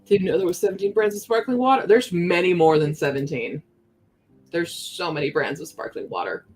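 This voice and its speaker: A woman's voice: fairly low pitch, fairly quick, darkish tone, rough recording. A young woman chatting casually with her stream viewers while she works on a craft project, reading chat aloud as she goes.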